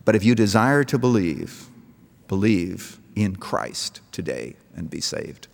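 A middle-aged man preaches a sermon, moving from easy storytelling to emphatic calls. His pitch swings widely as he builds. A long echo from a large hall trails each line. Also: animated, takes it slowly, vocal fry. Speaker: pastor.

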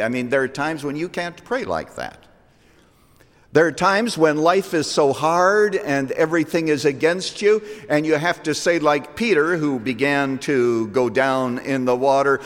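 Man preaching slow, big swings in pitch, loud then hushed, long echo like a big hall. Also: lively intonation. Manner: slow and emphatic, swinging between loud peaks and hushed drops. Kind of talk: sermon.

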